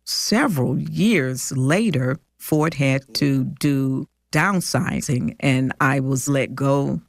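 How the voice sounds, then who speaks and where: A woman in her sixties from Detroit, slowly and warmly recalling her life in a heartfelt personal story. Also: very deep voice, gravelly, no echo. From Detroit, USA. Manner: slow, heartfelt, reflective. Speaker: storyteller interviewed by family. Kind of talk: personal recollection.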